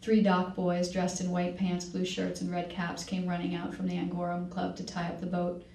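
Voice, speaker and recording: Woman reading aloud, low gravelly voice, dark tone, echoey room, distant mic. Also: completely flat delivery. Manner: measured reading, occasional self-corrections. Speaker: author reading. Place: public library event.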